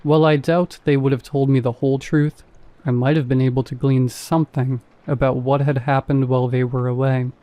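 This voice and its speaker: Calm man with a mellow voice. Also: medium pitch, no room sound. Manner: calm, measured reading. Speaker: horror story narrator. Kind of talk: scripted narration.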